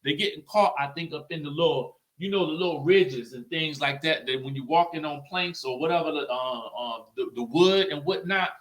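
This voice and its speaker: A man hosting a casual reality-TV recap, chatty and animated, often tagging his sentences with "okay?" and "you know what I'm saying?". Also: on the high side, normal speed, hardly any pauses. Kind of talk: casual commentary vlog.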